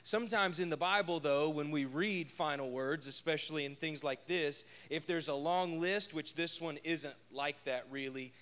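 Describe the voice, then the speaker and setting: A man's voice: fairly high pitch, normal speed, few pauses, a bit bright, clean tone. A man preaching a conversational sermon as pastor, joking and telling stories from home. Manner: chatty and joking, tells personal stories.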